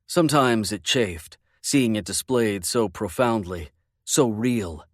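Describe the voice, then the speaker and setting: A man narrating a first-person romance audiobook in a measured, intimate way. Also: lowish voice, animated, dry recording, studio quality.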